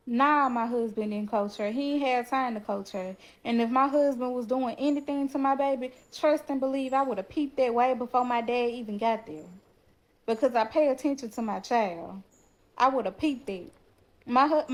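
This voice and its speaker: A woman's voice: a little high, normal speed. A mother telling her own story in an emotional, candid way, talking slangy and blunt. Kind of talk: emotional personal account.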